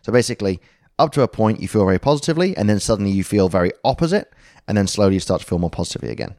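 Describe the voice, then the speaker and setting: A man's voice: on the low side, expressive, very fast, a little mellow, dry recording, studio quality. A man co-hosting a podcast, explaining a concept in casual chat, rambling and correcting himself with jokes along the way. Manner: jokey, rambling, self-correcting. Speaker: podcast co-host.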